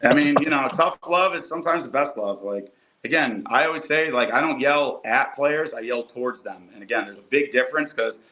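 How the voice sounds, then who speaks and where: A man's voice: mid-range voice, brisk, sharp tone, low-quality recording. Earnest young male football coach. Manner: earnest, lots of fillers and restarts. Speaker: college football coach, guest. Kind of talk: casual podcast conversation.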